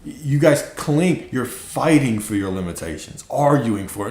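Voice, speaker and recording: A man's voice: lively intonation, normal speed, hardly any pauses, darkish tone. Blunt, preachy man in an echoey room. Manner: blunt, preachy, profane, mocks listeners in high put-on voices. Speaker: manifestation coach. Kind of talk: casual livestream talk.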